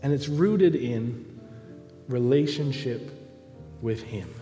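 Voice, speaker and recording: A man preaching a sermon as pastor, in a large church with soft music behind. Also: mid-range voice, lively intonation, takes it slowly, big-room sound. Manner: acts out pleading prayers in a raised voice, then answers softly. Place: church sanctuary.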